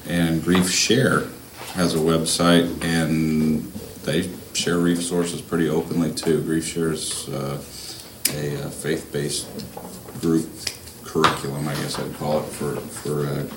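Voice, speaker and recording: A man's voice: a bass voice, level tone, unhurried, background noise. A man making hesitant, casual remarks full of fillers as a co-presenter. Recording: distant mic in echoey room.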